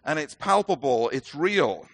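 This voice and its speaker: A man's voice: a little high, expressive, a little slow, a bit bright. A middle-aged man with a British accent preaching a sermon as a minister, earnest and emphatic with light self-deprecating humor.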